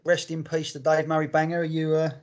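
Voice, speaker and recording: A man on a podcast talking bluntly with his mate, his voice a touch higher than most men's. He swears freely and calls his friend mate. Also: completely flat delivery, quick pace. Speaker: podcast co-host. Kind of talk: casual chat.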